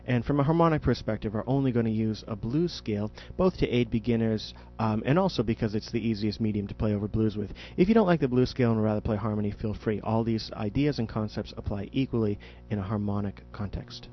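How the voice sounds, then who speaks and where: A man's voice: lowish voice, fast talker, few pauses, lo-fi sound, soft background music. A man teaching jazz improvisation in a podcast audio lesson, explaining patiently and demonstrating spoken question and answer inflections.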